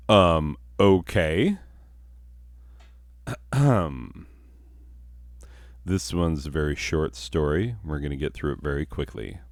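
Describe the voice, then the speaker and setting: A man's voice: a bass voice, lively intonation, takes it slowly, long pauses, dry recording, clean studio sound. A man telling a comic story with rambling, self-mocking asides. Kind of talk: comedic storytelling.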